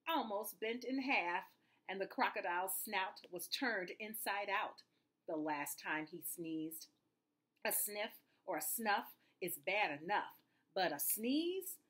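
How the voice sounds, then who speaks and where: A woman's voice: mid-range voice, animated, slow pace, fairly bright tone, husky. A woman reading a rhyming picture book aloud in a sing-song storyteller manner.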